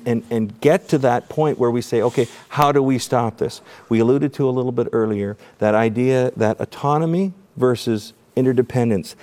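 Middle-aged canadian guy on a talk show, earnest, keeps repeating words, warm mellow voice. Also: mid-range voice. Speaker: guest, documentary maker.

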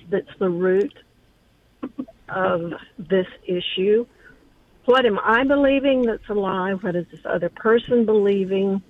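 A woman's voice: medium pitch, lively intonation, takes it slowly, pauses often. Woman in her seventies calling in by phone. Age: 70s. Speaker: caller. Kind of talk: phoned-in call to a talk show. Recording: tinny phone line.

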